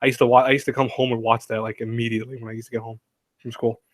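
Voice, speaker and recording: A man's voice: medium pitch, little pitch movement, rapid-fire, no echo. Chatty dude rambling on his stream, mid voice, dry sound, laughs a lot. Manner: rambling and chatty, laughs often, reads chat aloud. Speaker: live stream host. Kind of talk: casual live stream chat.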